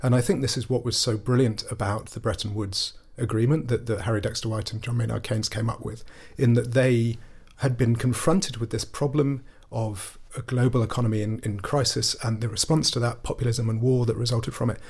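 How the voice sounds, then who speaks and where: Gravelly, husky man explaining politics. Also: medium pitch, steady tone, brisk, few pauses, darkish tone. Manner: earnest, explanatory, emphatic. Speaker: podcast guest. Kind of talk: political discussion podcast.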